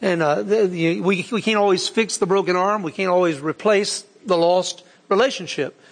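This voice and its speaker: A man delivers a sermon with a folksy, earnest manner. His voice sits notably high. It carries a long, lingering hall reverb. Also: moderate pace. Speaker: preacher.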